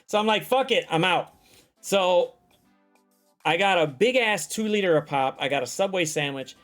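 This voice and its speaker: A man's voice: high voice, moderate pace, fairly bright tone, soft background music. Profane man spinning a rambling story. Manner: profane, rambling storytelling full of acted-out quotes. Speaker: guest telling a personal story. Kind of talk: casual chat.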